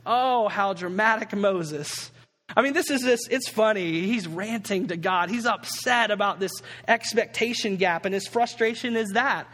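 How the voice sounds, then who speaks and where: High-voiced preacher in a reverberant hall. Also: male voice, fairly bright tone. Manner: conversational, humorous preaching. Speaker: pastor. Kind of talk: sermon.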